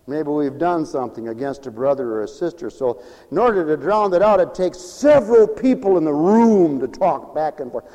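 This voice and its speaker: A man with a high, lively voice preaches a sermon in a church hall, swinging his pitch widely and acting out other people's voices. His words ring with a long hall reverb, and he now and then rises to a shout for emphasis. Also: normal speed.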